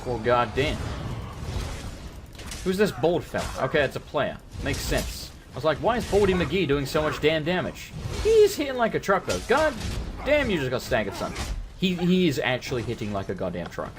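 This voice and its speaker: A man casually commentating a game he plays, excitable, swearing often and talking back to the characters. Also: fairly high pitch, normal speed, over music. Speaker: let's play host.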